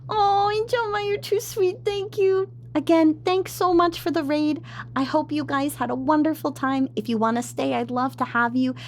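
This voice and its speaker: A woman's voice: sits high, steady tone, moderate pace, background noise. A young woman streaming casual chat, bubbly and self-mocking, laughing often.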